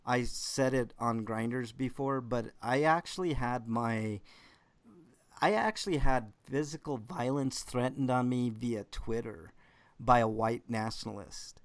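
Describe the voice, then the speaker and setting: A man's voice: mid-range voice, measured pace, no echo. Dry-voiced man, stammering podcast debate. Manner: interrupts often, stammers and restarts. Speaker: podcast co-host. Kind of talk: casual heated debate.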